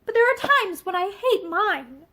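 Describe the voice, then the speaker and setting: A woman's voice: extremely high pitch, lively intonation, measured pace, sharp tone, voice pushed up, exaggerated voice. A woman voicing a passionate, unhappy young wife who storms and pleads in a storybook reading. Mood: miserable.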